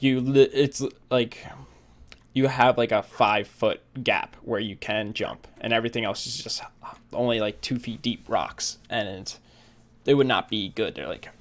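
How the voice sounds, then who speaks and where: A young man doing casual gameplay commentary, rambling through personal stories with many fillers and frequent laughs. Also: mid-range voice. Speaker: let's play gamer.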